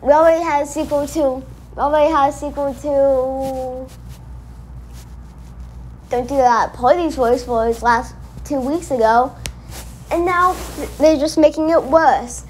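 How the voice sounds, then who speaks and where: A woman's voice: high-pitched, measured pace, a little hiss or hum. A woman giving casual reaction commentary, indignant and rambling as she talks back at a cartoon she is watching. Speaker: reaction video host.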